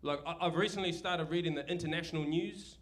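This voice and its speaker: A man's voice: fairly high pitch, quick pace, fairly bright tone. A young man with a New Zealand accent doing a crude, rambling, self-deprecating stand-up set. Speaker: stand-up comedian. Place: comedy club stage. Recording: live club recording with audience laughter. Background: audience laughter.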